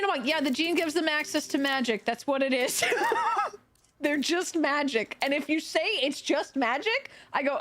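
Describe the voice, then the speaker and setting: A woman streaming live, chatting casually with viewers while she plays, animated, laughing a lot and swearing freely. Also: high-pitched, moderate pace. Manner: answers viewer chat while playing.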